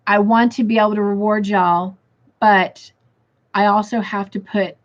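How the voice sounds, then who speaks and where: Woman livestream host, tired and in pain, reads out comments; dull lo-fi sound. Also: medium pitch. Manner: chatty, reads viewer comments aloud. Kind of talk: casual livestream chat. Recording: dull lo-fi stream audio.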